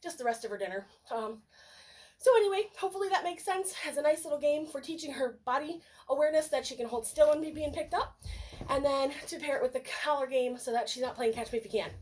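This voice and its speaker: A woman with a high voice talks through a dog-training session in a loose, conversational way. She explains each step and now and then switches to cheerful sing-song praise for the puppy. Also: fast talker, darkish tone. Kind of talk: casual training demonstration.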